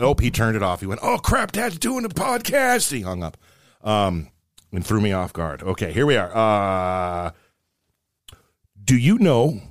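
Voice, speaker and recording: A man's voice: medium pitch, no echo, studio quality. Rambling middle-aged man telling dad jokes. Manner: rambling, self-mocking joke teller. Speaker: podcast co-host. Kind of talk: casual podcast chat, telling dad jokes.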